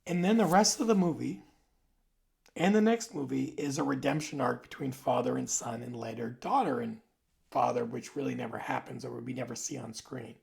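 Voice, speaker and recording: A man in his forties talking casually to camera, rambling and conversational, sometimes dropping into soft asides. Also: medium pitch, normal speed, vocal fry. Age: 40s. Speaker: video host. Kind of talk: casual monologue.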